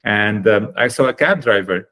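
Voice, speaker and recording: Earnest man telling a story, lowish voice. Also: moderate pace. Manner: earnest, animated storyteller with frequent fillers. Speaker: guest, chocolate company founder. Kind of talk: storytelling in a podcast interview.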